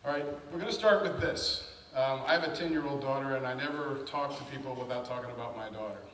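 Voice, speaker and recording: A man's voice: mid-range voice, quick pace, distant mic. Casual talk, man in his 50s, chatty speaker voice, echoey hall with a faint hiss. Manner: conversational, animated storyteller. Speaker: panel speaker. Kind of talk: personal storytelling talk.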